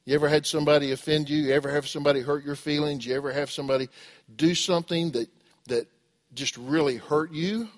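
A man's voice: fairly high pitch, fairly even intonation, fast. A middle-aged man preaching a sermon, asking the congregation questions and acting out the voices he quotes. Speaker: pastor.

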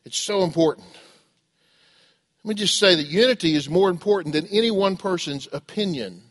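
A middle-aged man preaching a sermon, with a voice pitched a little high for a man. He asks his listeners rhetorical questions and acts out the voices of the people he quotes. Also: normal speed, fairly bright tone. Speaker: pastor.

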